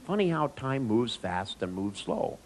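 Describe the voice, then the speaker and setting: A man speaks at a measured pace and medium pitch in a live seminar talk, the low-quality recording carrying a little hiss or hum. He jokes, shares anecdotes and talks directly to the audience in an animated way.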